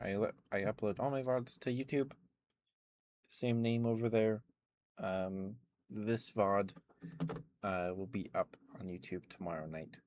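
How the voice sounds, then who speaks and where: Deep-voiced man chatting to viewers. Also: slight background noise. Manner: relaxed, rambling, with many fillers and soft laughs. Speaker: ASMR streamer. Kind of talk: casual chat to stream viewers.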